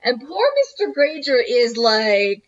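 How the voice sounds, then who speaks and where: A woman's voice: on the high side, very animated, slow. A young woman co-hosting a podcast, gossiping playfully and emphatically about a sitcom episode. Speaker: podcast co-host. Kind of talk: casual recap chat. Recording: slightly dull lo-fi sound.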